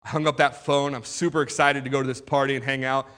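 A young man giving his testimony as a sermon to a crowd, telling his story with drama and dropping from loud to hushed. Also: mid-range voice, level tone, fast, clear, resonant tone. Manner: talks straight to the crowd with questions. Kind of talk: testimony sermon to a live audience.

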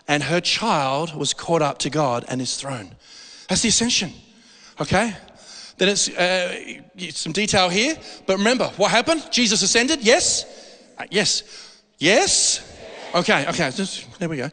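A man preaching a sermon in a church hall, animated and jokey, asking the congregation questions. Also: high voice, normal speed. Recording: long hall reverb.

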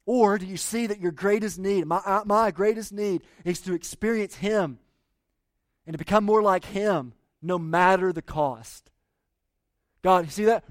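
A male pastor preaching a sermon in a conversational way, full of rhetorical questions and swinging between loud pleas and quiet asides. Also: sits high, dry recording, studio quality.

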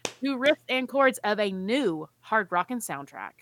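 A woman's voice: medium pitch, sing-song, a little slow, noisy background. A woman co-hosting a casual podcast, reading park news aloud with playful asides. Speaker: podcast co-host.

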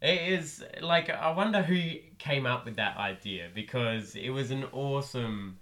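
A man's voice: mid-range voice, expressive, unhurried, a bit bright. A man in casual chat, enthusiastically retelling scenes in a rambling way.

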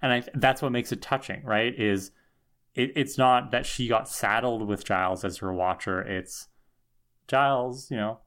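A podcast co-host in casual chat about a show, thoughtful and quick to join the jokes. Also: medium pitch, fairly even intonation, a bit bright.

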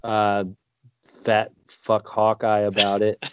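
A man's voice: lowish voice, monotone, takes it slowly, a bit bright, highs cut off, a little hiss or hum. A man co-hosting a casual movie podcast, telling rambling stories with crude jokes. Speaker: podcast co-host.

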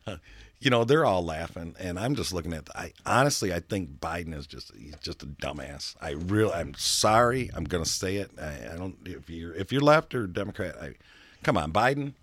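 A man's voice: low voice, lively intonation, normal speed, a bit bright, no echo. A man in casual political chat, rambling and emphatic, swearing freely.

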